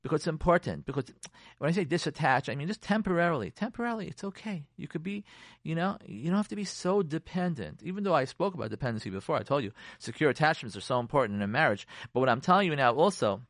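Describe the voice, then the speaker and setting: A man talks through marriage advice like a radio therapist, his pitch riding a little high and jumping around with lively swings. He repeats his points for emphasis and slips Hebrew terms into his talk. The sound is dry and close, with no room around it. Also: quick pace, no room sound. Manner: animated, repetitive, sprinkles Hebrew terms.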